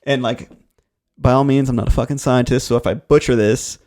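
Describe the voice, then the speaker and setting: Man, Baltimore area, podcast guest, mid pitch, rambling and casual, swears freely. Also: steady tone, fairly quick, a little mellow. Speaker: real estate agent podcast guest.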